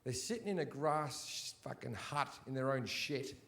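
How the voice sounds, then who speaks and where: A man in his thirties doing a stand-up comedy set in a big theatre, with a profane, ranting delivery that often swells into shouting. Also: medium pitch, normal speed, vocal fry, slight background noise. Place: large sold-out theatre.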